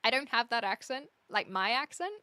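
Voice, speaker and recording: A young woman live streamer chatting casually with her viewers, reading their comments aloud and thinking out loud in a chatty, indecisive way. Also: a little high, fairly quick, dry recording.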